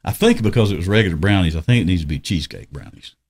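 A man's voice: sits low, lively intonation, rapid-fire, darkish tone. A man hosting a podcast in casual chat, rambling in a homespun way and chuckling often. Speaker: podcast host.

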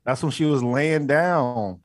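A man co-hosting a casual podcast, relaxed, answering with short agreeing remarks. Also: mid-range voice, slow. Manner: laid-back, short agreeing replies, says "bro" a lot. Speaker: podcast co-host. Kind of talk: casual chat.

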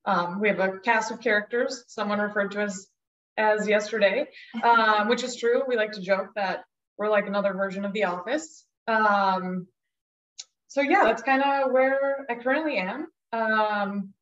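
A woman's voice: mid-range voice, measured pace, reverberant, recorded from a distance, highs cut off. A woman from South Dakota, a guest speaking in a casual interview, grateful and full of ums. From South Dakota, USA. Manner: warm, grateful, frequent ums. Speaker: guest, nonprofit director.

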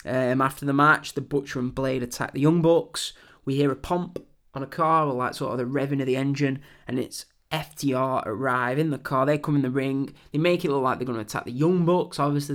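A young English man hosting a wrestling podcast, recapping a show in a chatty, rambling way with lots of ums. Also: mid-range voice. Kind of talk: casual show review.

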